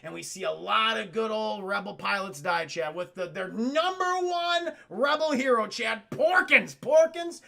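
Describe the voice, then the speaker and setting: A young man streaming a casual film recap to his chat, excitable and swearing as he acts out scenes. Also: very high-pitched, gravelly.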